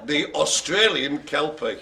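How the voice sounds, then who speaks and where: A man hosts a live online bingo game with jokey, rambling banter. His voice is gravelly and slightly raised, and his pitch swings widely as he talks. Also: expressive, a little slow, crowd noise. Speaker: host.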